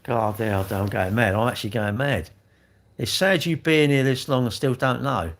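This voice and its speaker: A man's voice: medium pitch, normal speed. Rambling man in his sixties. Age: 60s. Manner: rambling, self-mocking, laughs often. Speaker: livestream host. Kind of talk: casual livestream chat reading comments.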